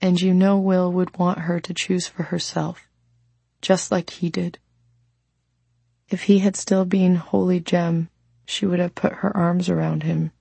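A woman narrates a novel in a calm, reflective audiobook reading. Her voice is low, dark and gravelly with a husky edge, recorded dry and close. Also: a little slow, no room sound. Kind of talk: scripted narration.

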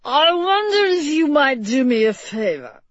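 Brief: woman voicing a nervous, ale-soaked lord, rambling and slow-paced, in a dry room. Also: high voice, sing-song, fairly bright tone, no echo, dull audio, pitched above the performer's own voice, full character voice. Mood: tipsy. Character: tipsy young lord, nervous new husband.

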